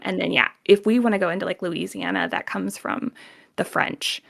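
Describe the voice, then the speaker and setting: A woman's voice: on the low side, vocal fry. A young woman voice actor with a Southern US accent, chatting in an interview and laughing often. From southern United States. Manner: animated, laughs often, mixes in quick demo voices. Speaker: professional voice actor guest. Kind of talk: casual interview chat.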